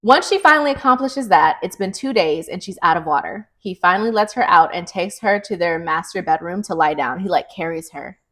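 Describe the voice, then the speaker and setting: Her pitch is fairly low, and she talks a little fast with few pauses. The young woman is co-hosting a podcast, chattily recounting a thriller's story in a casual recap, peppered with "like" fillers and plenty of animation.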